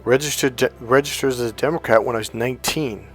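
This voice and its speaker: A man's voice: mid-range voice, quick pace, breathy edge, faint music behind. A man from the San Francisco Bay Area, a self-help coach talking in a casual, rambling opinion monologue that acts out the voices he quotes.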